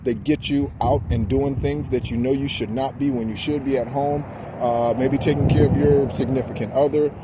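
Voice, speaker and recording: A man's voice: medium pitch, fairly even intonation, moderate pace. A man giving a rambling, preachy spiritual pep talk outdoors, correcting himself as he goes. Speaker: spiritual guidance host. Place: outdoors near traffic. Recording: loud outdoor traffic noise. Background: street and car noise.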